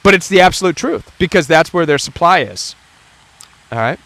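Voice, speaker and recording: Man, host, earnest and emphatic talk, slightly high pitch. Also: expressive, normal speed, vocal fry, a bit bright, dry recording. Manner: earnest, emphatic, acts out quoted voices. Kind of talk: motivational talk on narcissistic abuse.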